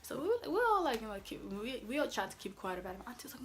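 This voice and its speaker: A woman's voice: fairly high pitch, very animated, very fast, few pauses, noisy background. A young woman telling a story on her vlog in a casual, emphatic, sassy way, filling her talk with "like" and firm "mm-mm"s. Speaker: vlogger.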